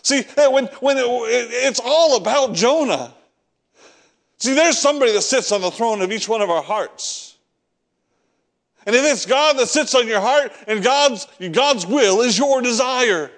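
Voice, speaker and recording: A man's voice: very high voice, lively intonation, measured pace. A man preaching a sermon, reading scripture and acting out the prophet's prayers, repeating words as he builds each point. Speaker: pastor.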